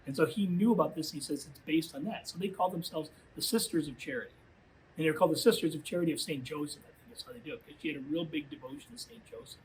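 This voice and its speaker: A man giving a youth minister's storytelling talk to high school students, conversational and full of filler phrases. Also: slight background noise, rough recording.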